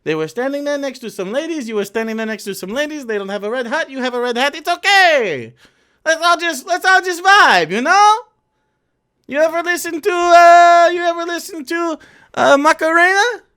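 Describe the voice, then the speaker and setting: A man performs "Jan," a meek, simple-minded European parody of a male political commentator, in a high, soft voice that speaks in small, careful, childlike sentences. The delivery is gentle and halting, as if he's straining to be nice, yet the intonation is lively and the acting heavy. The mood comes across as goofy and scolding.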